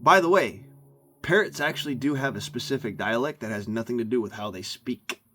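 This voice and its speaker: A man's voice: mid-range voice, brisk, pushed and bright, slight background noise. A man ranting into the camera for his vlog, emphatic and meandering, often repeating himself. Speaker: vlogger. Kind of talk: rambling rant to camera.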